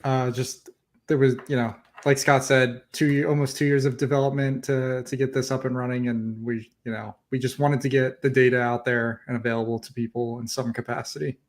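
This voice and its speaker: A man co-hosting a live stream, explaining things in a steady way. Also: mid-range voice, fairly quick. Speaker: co-host. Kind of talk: casual live-stream chat.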